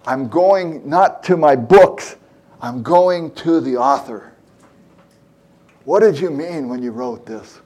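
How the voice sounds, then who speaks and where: A man's voice: fairly high pitch, animated, takes it slowly, darkish tone. Older male preacher, 70s, plain chatty sermon delivery, earnest, leans on repetition. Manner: earnest, repeats phrases for emphasis, acts out prayers. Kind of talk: conversational sermon.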